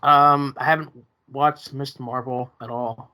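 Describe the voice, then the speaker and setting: Relaxed young man chatting on a podcast. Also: medium pitch, unhurried. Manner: relaxed, rambling, trailing off. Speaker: podcast co-host. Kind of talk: casual chat.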